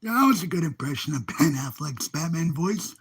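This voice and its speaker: A man's voice: fairly high pitch, expressive, brisk, creaky, slightly rough. A man chatting casually to his viewers on a live stream, rambling and repeating upbeat exclamations. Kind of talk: casual livestream chat.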